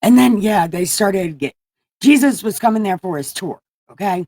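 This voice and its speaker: A woman's voice: medium pitch, expressive, normal speed, a little mellow, no echo. A woman hosting a livestream, retelling Bible stories casually in a profane, rambling, jokey way from a room at home. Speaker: livestream host.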